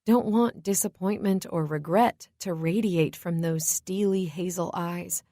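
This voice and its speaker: A woman narrating a romance audiobook in the first person, reading in a slow, hushed and intimate way. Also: on the low side, no echo, studio quality.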